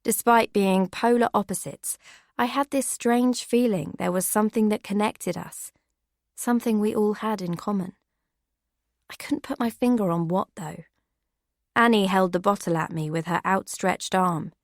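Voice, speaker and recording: Steady woman narrating an audiobook. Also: mid-range voice, moderate pace, dry recording, clean studio sound. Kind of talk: first-person audiobook narration.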